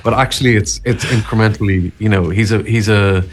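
Low-voiced man, hesitant. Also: fairly even intonation, brisk. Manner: hesitant, restarts often, thoughtful. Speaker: actor, interview guest. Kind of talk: casual conversational interview.

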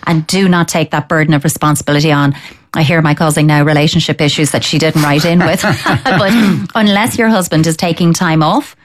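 Woman, low register, steady expert giving parenting advice. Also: a little fast, a little hiss or hum. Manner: calm, firm, explains with acted-out child thoughts. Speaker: parenting expert answering listener letters. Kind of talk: advice on a radio or podcast show.

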